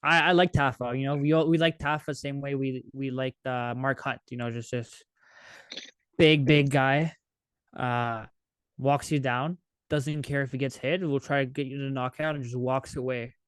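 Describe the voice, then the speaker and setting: A man's voice: medium pitch, fairly even intonation, moderate pace, fairly bright tone, clean tone, dry recording. A man co-hosting a podcast in casual chat, joking and laughing as he talks. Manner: joking, laughs while talking. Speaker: podcast co-host.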